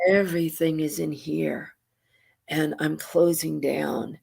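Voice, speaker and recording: Woman therapist, lower register, lively explainer who performs her examples, video-call audio. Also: takes it slowly, vocal fry, husky. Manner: animated, acts out clients' inner voices with sighs. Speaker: psychotherapist. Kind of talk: conversational explanation with acted-out examples.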